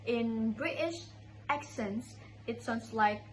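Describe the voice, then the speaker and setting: Young woman, Indonesian accent, slow deliberate class presentation, higher pitch, repeats words. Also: slight background noise, low-quality recording. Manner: careful, repeats words slowly for practice. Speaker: student.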